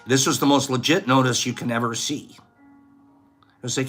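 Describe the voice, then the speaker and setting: A man's voice: medium pitch, steady tone, moderate pace, long pauses, a bit bright, soft background music. A man hosting a casual vlog, rambling and lecturing as he talks. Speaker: host.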